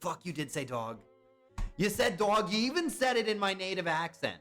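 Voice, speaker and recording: A young man chatting casually on a live stream, excitable and swearing when he guesses wrong. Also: high-pitched, normal speed, soft background music. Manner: excitable, swears and yelps at misses.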